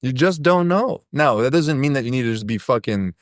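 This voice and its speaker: A man's voice: medium pitch, animated, brisk, dry recording. Man, polish as first language, blunt and profane storyteller, dry close sound. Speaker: podcast guest. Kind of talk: casual chat, storytelling.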